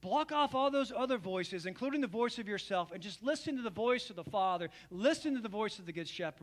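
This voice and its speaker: A man pastor preaching a communion sermon to his congregation, earnest and pleading, swinging from emphatic calls down to low, quiet invitations. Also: lively intonation, brisk, hardly any pauses. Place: church service.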